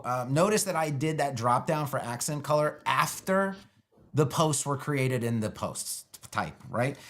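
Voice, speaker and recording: Brief: man at mid pitch, laid-back tutorial talker, dry sarcastic asides. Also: fairly bright tone. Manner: loose, sarcastic, thinks aloud with many fillers. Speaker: web design educator building a page live. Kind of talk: casual live screen-share tutorial.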